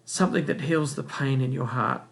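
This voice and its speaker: A man reading aloud and voicing a gentle, sorrowful old woman cook in a soft, slow, consoling way. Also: mid-range voice, creaky, close to an everyday voice. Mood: tender.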